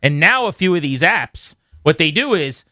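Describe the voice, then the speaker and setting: A man's voice: a little high, moderate pace, no room sound, clean studio sound. A man co-hosting a radio show, ranting sarcastically and joking in casual chat. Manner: animated rant, sarcastic, joking. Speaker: radio co-host. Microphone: studio microphone.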